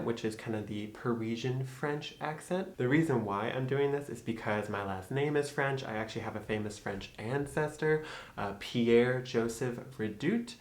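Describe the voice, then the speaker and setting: A young man with a Michigan accent hosting a casual accent tutorial, upbeat and laughing often, slowing down to spell out practice phrases. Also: medium pitch. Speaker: YouTube host teaching accents. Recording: echoey room with faint noise.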